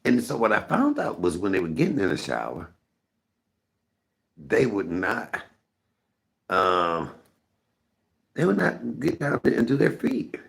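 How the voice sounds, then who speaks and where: Deep gravelly man rambling to his viewers. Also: huge pitch swings, unhurried, long pauses. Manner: rambling, candid, talks to chat. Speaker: live stream host. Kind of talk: casual storytelling to viewers.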